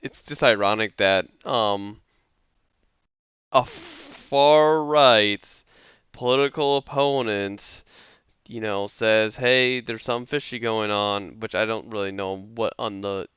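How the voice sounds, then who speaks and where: Male co-host, hesitant casual chat, bright crisp voice, dull dry lo-fi mic. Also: fairly low pitch, fairly even intonation, a little slow, dry recording. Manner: hesitant, filler-heavy. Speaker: podcast co-host.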